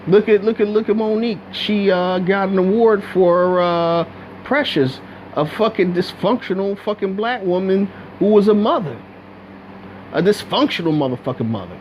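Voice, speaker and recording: High-voiced man ranting bluntly. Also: moderate pace, a little hiss or hum, rough recording. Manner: blunt, profane, rambling, with many restarts. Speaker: video commentator. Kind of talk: unscripted commentary rant.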